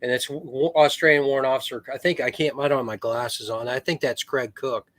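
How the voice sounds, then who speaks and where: A man's voice: mid-range voice, fairly even intonation, fairly quick, a bit bright, dry recording. A middle-aged man, a retired Marine officer, telling rambling war stories in a casual podcast chat. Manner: rambling war stories with restarts, acts out quoted voices. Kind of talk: casual storytelling.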